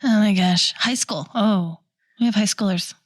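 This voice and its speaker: A woman co-hosting a casual podcast chat, chatty and quick to react. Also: mid-range voice. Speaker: podcast co-host.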